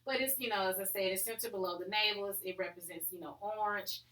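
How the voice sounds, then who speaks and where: A woman's voice: mid-range voice, fast, bright, forceful tone, reverberant, rough recording. A woman hosting her own podcast, talking casually and upbeat with plenty of fillers. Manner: chatty and upbeat, many fillers. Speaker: podcast host. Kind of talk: casual solo podcast talk.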